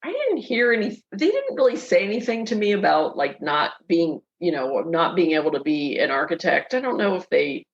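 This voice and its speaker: A woman's voice: fairly low pitch, sing-song, normal speed, hardly any pauses, lo-fi sound. A woman hosting a casual podcast interview, trading stories and laughing often as she rambles. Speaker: podcast host. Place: home, remote interview.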